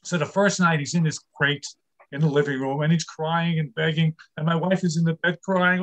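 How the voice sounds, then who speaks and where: A man's voice: a little high, steady tone, moderate pace, fairly bright tone. An older man performing a stand-up comedy set, telling wry, self-deprecating jokes about his marriage.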